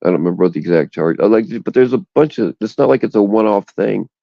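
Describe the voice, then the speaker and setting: A man's voice: fairly low pitch, expressive, quick pace, vocal fry, dry recording, lo-fi sound. A man hosting a casual livestream chat, talking bluntly and profanely in indignant rants, recorded on a phone. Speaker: livestream host. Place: outdoors in the cold.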